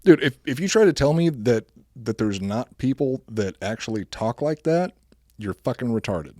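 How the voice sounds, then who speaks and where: A man's voice: medium pitch, animated, moderate pace, dark tone, dry recording, clean studio sound. Blunt, profane podcast host man. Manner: blunt, profane, laughs at his own jokes. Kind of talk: casual chat and ad reads.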